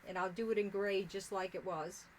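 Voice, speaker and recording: A woman's voice: mid-range voice, fairly even intonation, normal speed, a little hiss or hum, low-quality recording. An older woman chatting casually with viewers on a live stream from her sewing room, rambling with fillers and restarts.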